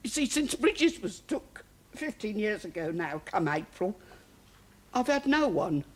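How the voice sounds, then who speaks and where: An actress playing a strict middle-aged cook in a great house, speaking in a husky, halting voice. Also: female voice, medium pitch, big pitch swings. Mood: grieving. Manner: defensive then grieving, broken speech. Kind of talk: period television drama.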